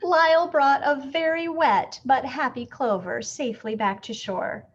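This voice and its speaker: A woman reading a picture book aloud with expressive, animated storytelling. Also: sits high, unhurried, dull audio.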